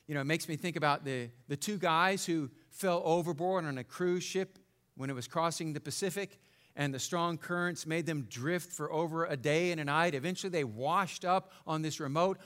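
A male pastor preaching a sermon in an animated, conversational way, joking and checking in with the congregation. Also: a little high.

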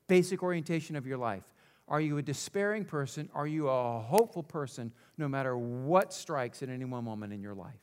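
A male pastor preaching a sermon, asking rhetorical questions and leading the congregation in call-and-response. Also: on the high side.

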